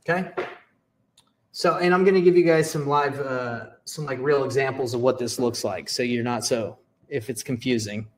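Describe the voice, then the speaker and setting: A young adult man giving a live sales training, energetic and repetitive, checking in with "okay" and acting out sample calls. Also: medium pitch, moderate pace, slight background noise. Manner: energetic, repeats "okay" and "all right", acts out sample seller calls. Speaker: real estate sales coach. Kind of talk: live training talk to camera.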